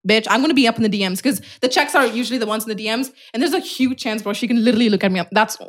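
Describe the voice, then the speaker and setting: A woman co-hosting a podcast, telling a story in a casual, animated way, swearing and laughing often. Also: fairly high pitch, rapid-fire. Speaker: podcast co-host. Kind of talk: casual chat.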